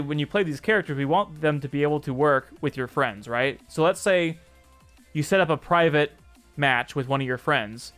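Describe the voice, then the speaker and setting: A man with a slightly high voice chats casually through a live stream, answering viewers as he shows off a game. He often restarts and corrects himself mid-sentence. Faint music plays behind him. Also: fairly bright tone. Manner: chatty, answers chat messages, frequent restarts and self-corrections.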